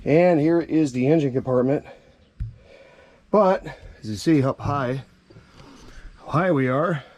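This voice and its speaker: A man's voice: fairly high pitch, darkish tone. A plainspoken man with a lilt, talking his way around farm equipment as an auctioneer, full of easygoing fillers. He's recorded outdoors on a camera mic, with a faint hum of clicks and machinery behind him. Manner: folksy, plainspoken, thinking aloud with fillers. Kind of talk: casual walkaround commentary.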